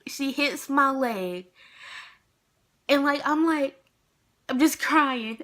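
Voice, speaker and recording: A woman's voice: high-pitched, lively intonation, slow, long pauses, fairly bright tone. A young adult woman telling a casual storytime vlog, chatty and rambling with lots of fillers. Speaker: vlogger.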